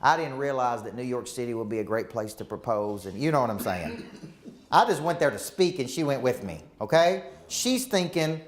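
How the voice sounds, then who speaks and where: A man's voice: mid-range voice, moderate pace. A man coaching a group of real estate agents live, acting out quoted dialogue as he talks. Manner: animated, acts out quoted dialogue. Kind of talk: live coaching session talk.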